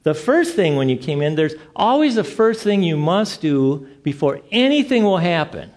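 During his sermon, a middle-aged man in the pulpit animates his stories by voicing the dialogue. His voice is on the high side, at a moderate pace.

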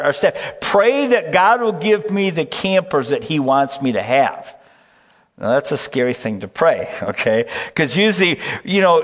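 A middle-aged man, a pastor and camp director, tells stories in a folksy sermon and often checks in with the listeners by asking "okay?". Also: fairly high pitch. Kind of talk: storytelling sermon. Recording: long hall reverb.

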